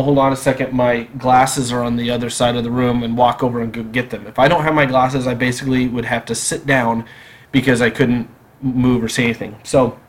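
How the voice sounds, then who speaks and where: Man telling a story on a podcast. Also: mid-range voice. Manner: animated, acts out quoted dialogue. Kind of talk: casual spoken storytelling.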